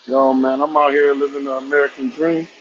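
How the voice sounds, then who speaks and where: A man's voice: mid-range voice, level tone, fairly quick, highs cut off, a little hiss or hum. A man co-hosting a sports podcast from a remote call, joking in a laid-back way. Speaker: podcast co-host. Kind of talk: casual sports podcast chat.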